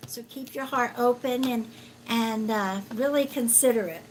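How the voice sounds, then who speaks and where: A woman giving a live-stream card reading as a psychic, talking gently and haltingly with many fillers and calling viewers sweetheart. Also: a little high, slight background noise, rough recording. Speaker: psychic reader.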